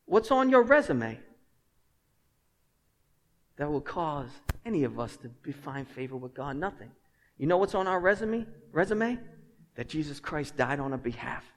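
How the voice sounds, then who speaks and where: A man preaching a sermon as pastor. He swings from hushed, earnest passages to loud, emphatic ones and jokes with the congregation. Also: medium pitch. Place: church sanctuary. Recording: long reverb of a large hall.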